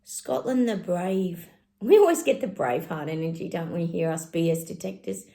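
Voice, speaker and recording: A woman's voice: deep voice, big pitch swings, fairly quick, vocal fry, dark tone. A middle-aged woman casually giving psychic readings to her viewers, chatty and exclaiming as she talks straight to them. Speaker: psychic channel host.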